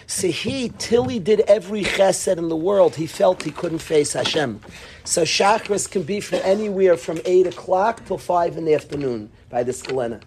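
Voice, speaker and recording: High-pitched male rabbi lecturing students, fervent and chiding, full of restarts; faint noise. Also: moderate pace, a little mellow. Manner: impassioned, scolding, repeats and restarts phrases. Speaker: yeshiva rabbi. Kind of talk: mussar talk to students.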